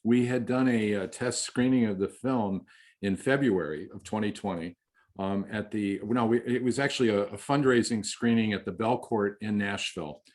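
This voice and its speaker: A man, a film director, answering interview questions in a halting, heartfelt way with many restarts. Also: on the low side, darkish tone.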